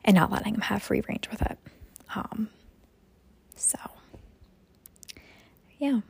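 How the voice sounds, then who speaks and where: A woman's voice: medium pitch, mellow, no room sound. A young woman, a mother hosting her own podcast, talking through her thoughts in a rambling, reflective way with lots of fillers. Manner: rambling, reflective, many "you know" fillers. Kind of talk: casual solo podcast monologue.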